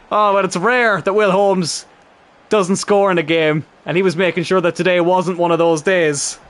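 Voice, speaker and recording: Excitable man commentating his game. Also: high voice, normal speed. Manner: excitable, shouts at goals, laughs. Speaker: gaming YouTuber. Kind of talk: football management game commentary.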